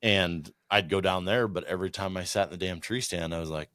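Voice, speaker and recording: A man with a very low, deep voice tells hunting stories in a loose, casual podcast chat. He swears freely and acts out quoted lines as he goes. The sound is dry and close to the mic. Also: fairly quick, fairly bright tone, dry recording. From Iowa. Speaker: podcast guest, upland bird hunter.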